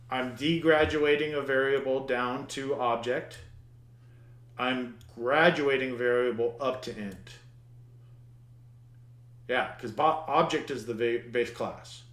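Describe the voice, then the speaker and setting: A man's voice: medium pitch, fairly bright tone, echoey room. A man teaching a programming lesson over his screen, thinking aloud, muttering at the code and restarting his words. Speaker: programming instructor. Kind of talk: screen-recorded coding lesson.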